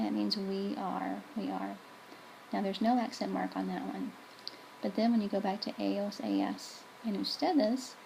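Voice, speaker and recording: A woman's voice: mid-range voice, vocal fry, mellow, slight background noise, low-quality recording. A woman teaching Spanish verbs in a chatty style, correcting herself as she writes on a board. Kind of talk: classroom video lesson.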